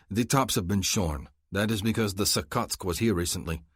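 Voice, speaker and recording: A man narrating a romance audiobook in the first person, measured and earnest. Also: lowish voice, husky, no echo, clean studio sound.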